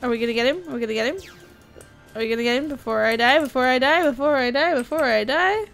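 Excitable high-voiced young woman gaming. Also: fast, vocal fry. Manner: excitable, chatty, squeals with surprise. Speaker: gaming YouTuber. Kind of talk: casual gameplay commentary. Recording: faint game music behind.

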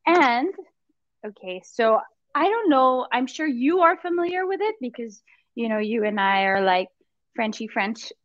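A woman's voice: high-pitched, expressive, normal speed, a bit bright, dry recording. Woman gushing about food in a chatty way, kinda muffled sound. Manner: chatty and enthusiastic, fond of food. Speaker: guest presenting a holiday gift hamper. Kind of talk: casual video-call chat.

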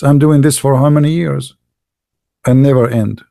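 A man's voice: mid-range voice, steady tone, normal speed, gravelly, dark tone, no room sound, clean studio sound. A man hosting a polemical monologue, mocking as he talks, asking rhetorical questions and repeating words for emphasis. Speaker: channel host.

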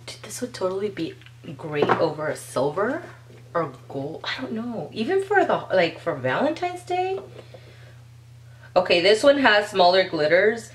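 A woman vlogger chatting casually as she unboxes nail polish, gushing and excitable, talking straight to her viewers. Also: medium pitch, unhurried, poor audio.

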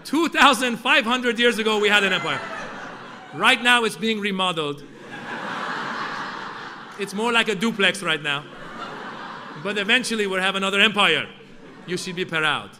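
A man voicing a boastful, proud immigrant father with a thick Persian accent, loud and booming. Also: expressive, moderate pace, pauses often, big-room sound, background noise.

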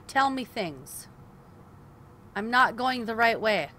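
A woman's voice: a little high, animated, slow, bright, forceful tone, a little hiss or hum. A young woman commenting on her gameplay, swearing in frustration and talking to herself and her viewers. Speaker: gaming video host.

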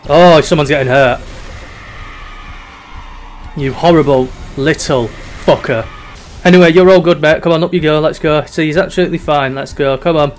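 With long pauses and faint background music, this young man speaks at a normal speed in a voice on the high side. He gives sweary, casual play-by-play on a video game, drifting from mock despair into giggles.

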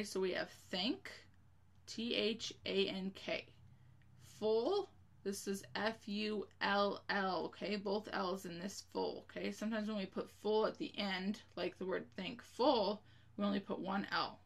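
Patient woman teacher, slow and steady, slightly gravelly, spells words out for kids. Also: mid-range voice. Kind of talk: spelling lesson for children.

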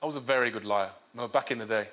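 A man with a Birmingham accent, an actor chatting as a talk show guest, relaxed and playful with stammering restarts. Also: medium pitch, fast talker. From England. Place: television studio with live audience. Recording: studio audience laughter and noise.

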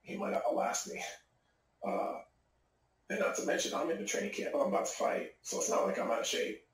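A man's voice: high-pitched, expressive, quick pace, a little hiss or hum. A middle-aged man, a professional fighter, tells a personal story in a casual interview and rambles with many fillers. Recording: echoey room.

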